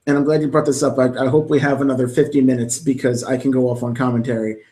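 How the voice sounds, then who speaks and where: A young podcast co-host chats casually about wrestling commentary, rambling enthusiastically with many restarts. His medium-pitched voice is warm but flat in delivery, and he talks quickly.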